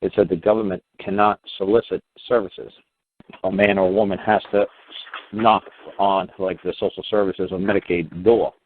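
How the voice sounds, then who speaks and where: A man's voice: deep voice, level tone, moderate pace. A man hosting a talk show, explaining his views to a caller in a rambling, emphatic way, with many fillers and restarts. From United States. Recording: phone-like line with faint hiss.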